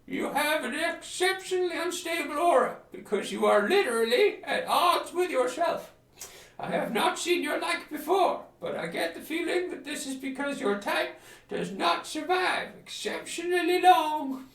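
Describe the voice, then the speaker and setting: A man voicing a cranky, cryptic old male hermit with an American accent, shouting and crotchety. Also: very high-pitched, expressive, a little slow, voice pushed up, exaggerated voice. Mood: solemn. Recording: roomy from mic distance. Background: game music.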